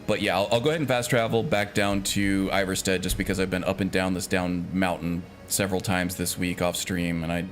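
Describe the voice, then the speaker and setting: A man streaming a game, talking casually and rambling with frequent fillers and little chuckles. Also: sits low. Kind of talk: casual gameplay chat.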